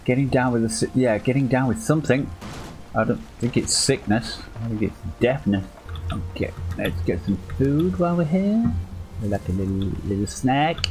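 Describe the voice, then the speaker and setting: A man's voice: lowish voice, darkish tone, a little hiss or hum, low-quality recording. A man chatting through a live game stream, joking and swearing in exasperation. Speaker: gaming streamer. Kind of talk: live-streamed gameplay chat.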